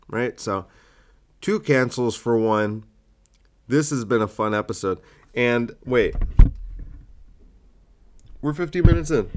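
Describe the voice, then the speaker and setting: A man hosting a solo comedy podcast, musing aloud in a self-deprecating way. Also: mid-range voice.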